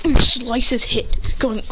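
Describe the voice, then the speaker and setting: A woman excitedly retelling a fight story, breathless and acting out the sound effects. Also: fairly high pitch, normal speed. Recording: muffled and noisy.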